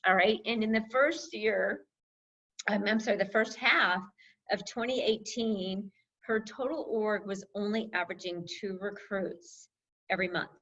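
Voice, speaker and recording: Husky woman hosting an online call. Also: medium pitch, measured pace, a bit bright. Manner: enthusiastic, laughs often, reads out numbers. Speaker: team leader hosting a coaching call. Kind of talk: upbeat online team call. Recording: slightly dull, lo-fi call audio.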